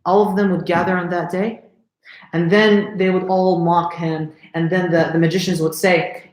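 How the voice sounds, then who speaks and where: A man's voice: high voice, flat delivery, normal speed, reverberant, rough recording. A man telling a religious story to a live group, conversational and often checking in with his listeners. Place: lecture room.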